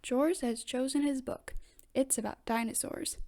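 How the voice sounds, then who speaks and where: Woman doing a kids' book read-aloud, gentle steady pace, soft warm voice. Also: sits high, measured pace. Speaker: storybook reader.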